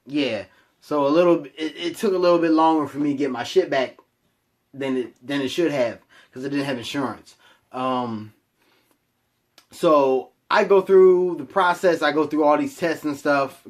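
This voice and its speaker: A young man telling a personal story to his camera in a rambling, profane, self-mocking way. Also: medium pitch. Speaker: vlogger.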